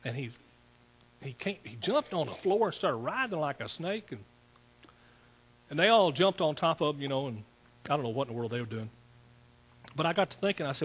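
A middle-aged man preaching a sermon in a church, telling stories in a folksy, animated way and acting out what people said. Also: mid-range voice, brisk, long pauses, breathy edge. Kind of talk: sermon with storytelling.

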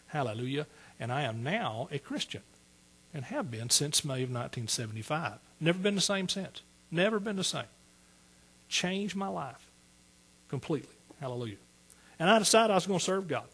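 An older man with a husky voice preaching a sermon, telling his conversion story with earnest halting pauses and then building to fervent calls of hallelujah. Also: a little high, fairly bright tone. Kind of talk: sermon with personal testimony.

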